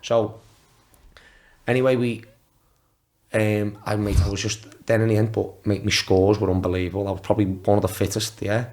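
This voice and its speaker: A man's voice: on the low side, little pitch movement, moderate pace, long pauses, darkish tone. A man in his twenties, a former footballer guest on a podcast, telling casual anecdotes and acting out quotes in a raised voice, swearing freely. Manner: swears freely, talks in restarts. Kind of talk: casual storytelling.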